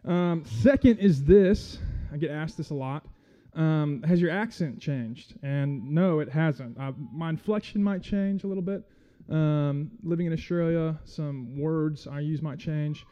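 Halting, self-deprecating male preacher. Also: on the high side, dark tone, highs cut off. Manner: friendly, self-deprecating, halting with many fillers. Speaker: guest church speaker. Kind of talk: casual sermon.

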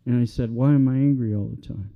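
Man, middle-aged pastor, sermon, earnest conversational preaching, passionate, average pitch, dull lo-fi sound. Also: fast.

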